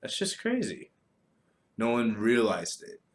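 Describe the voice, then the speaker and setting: A man hosting a solo podcast, talking casually in a profane, rambling, animated way. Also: mid-range voice, a little slow. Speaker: podcast host.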